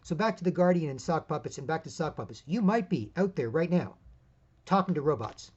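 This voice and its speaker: A man's voice: on the high side, animated, brisk, breathy edge, dull audio. A man hosting his own independent media show, giving a rambling, emphatic solo commentary full of asides.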